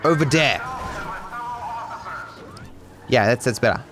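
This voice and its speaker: A man's voice: mid-range voice, takes it slowly. An Australian man giving sarcastic, swearing live commentary on a game as a streamer, talking to his chat.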